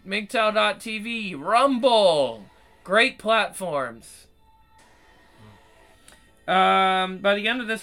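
Male channel host, high-pitched, profane rambling delivery, faint music behind. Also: sharp tone, rough recording. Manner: rambling, profane, frequent restarts. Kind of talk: casual commentary.

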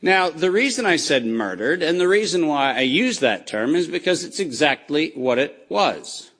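A man giving an impassioned, accusatory speech with slides, speaking emphatically with deliberate pauses. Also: a little high, very animated, fairly bright tone.

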